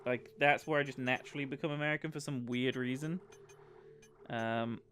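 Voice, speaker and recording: At medium pitch and normal speed, a British livestream gamer chats his way through a game, rambling with plenty of fillers. His tone is steady and a bit bright, with soft background music.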